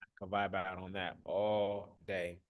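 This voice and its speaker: A man's voice: low voice, level tone, unhurried, no echo, narrow, tinny audio. A man hosting a live online coaching session, giving direct, coaxing instructions with casual slang. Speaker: workshop host.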